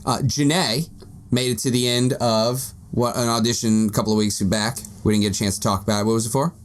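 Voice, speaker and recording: A young man co-hosting a podcast in casual, teasing banter, quick to laugh. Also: mid-range voice, fairly even intonation, a little hiss or hum. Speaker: podcast co-host.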